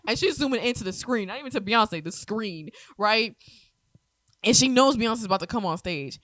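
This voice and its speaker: Lively, bright-voiced young woman podcaster. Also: a little high, normal speed, no room sound. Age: 20s. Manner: animated, swears freely, laughs often. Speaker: podcast co-host. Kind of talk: casual chat.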